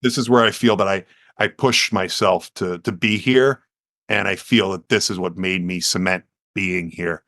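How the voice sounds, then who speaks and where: Low-voiced New man telling a story. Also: moderate pace, no echo, clean studio sound. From United States. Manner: earnest, animated storyteller who acts out quotes. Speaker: podcast guest. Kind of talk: storytelling in a podcast interview.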